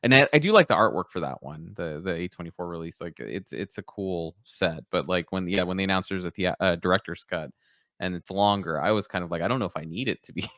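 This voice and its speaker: A man co-hosting a casual film podcast, talking in quick, laid-back bursts with frequent restarts. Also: low voice, fairly bright tone, no echo, studio quality. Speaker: podcast co-host. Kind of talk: casual film review chat.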